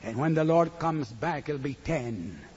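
A man preaching a sermon in church, with a slow, rhythmic delivery that swings from hushed tones to loud cries. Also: on the high side, animated. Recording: muffled recording with faint noise.

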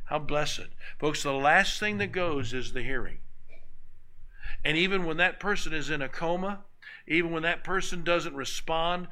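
A man's voice: mid-range voice, pushed and bright, low-quality recording. A man preaching a sermon in a church, speaking conversationally with anecdotes and repeated phrases. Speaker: pastor. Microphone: microphone on a stand.

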